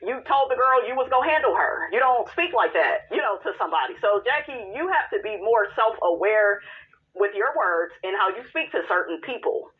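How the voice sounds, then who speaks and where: A woman's voice: mid-range voice, lively intonation, normal speed. A woman giving a sassy, blunt recap of a reality show in casual commentary, swearing freely and talking straight to her viewers. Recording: tinny phone-line sound.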